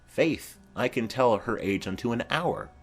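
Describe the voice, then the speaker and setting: A man's voice: mid-range voice, lively intonation, a little slow, close to an everyday voice. A man voicing a garrulous old woman nurse who chatters on in long rambling memories, in a dramatic reading of a play.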